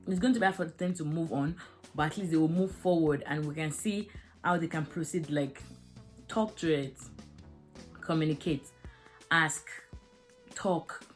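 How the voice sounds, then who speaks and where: A woman's voice: low voice, measured pace, pauses often, soft background music. A young woman reviewing a drama episode, talking frankly and emotionally with many fillers. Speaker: series reviewer. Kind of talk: casual video review.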